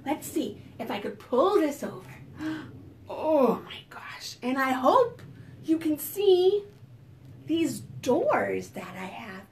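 A woman's voice: sits high, big pitch swings, takes it slowly, vocal fry, darkish tone. A woman librarian leading a preschool storytime, playful and sing-song, gasping and making animal sounds for the children.

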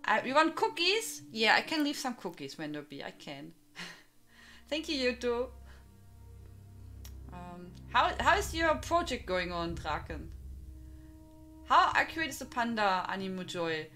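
Woman, strong German accent, live-stream chat, higher voice, faint background music. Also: very animated, a little slow, pauses often, sharp tone. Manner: chatty, greets viewers by name, laughs often, many restarts.

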